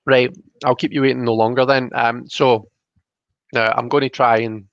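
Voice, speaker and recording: Gravelly man, quick mumbling stream talk. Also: mid-range voice, level tone, dry recording. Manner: talks fast and mumbles when absorbed. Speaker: tarot reader and live-stream host. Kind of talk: casual live-stream chat while reading cards. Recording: dry, dull lo-fi sound.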